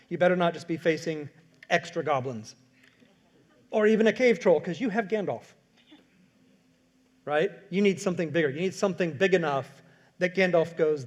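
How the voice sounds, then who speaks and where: A man giving a workshop talk on writing, animated, acting out quoted lines and asking his audience questions. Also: on the high side, normal speed. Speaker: workshop speaker on screenwriting. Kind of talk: lecture to an audience.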